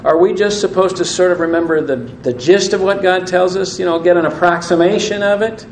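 Male preacher, fairly high gravelly voice, sermon delivery with questions to the congregation, echoey room with faint hiss. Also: fairly even intonation, fairly quick. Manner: asks the audience questions, reads scripture aloud. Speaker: pastor.

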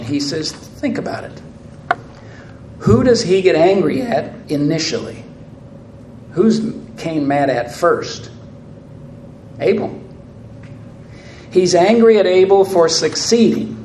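A man with a high voice delivers a sermon at a slow, deliberate pace, stacking rhetorical questions one after another. His voice rings through a roomy church hall with a clear echo. A faint ambience sits behind him. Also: a little mellow, slight background noise. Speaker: pastor.

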